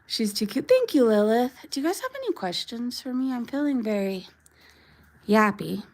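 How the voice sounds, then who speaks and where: A woman's voice: a little high, sing-song, moderate pace, a little mellow. A woman in her thirties chatting casually on a backyard livestream, talking to her dog and her viewers and laughing often. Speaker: vlogger livestreaming. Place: backyard outdoors.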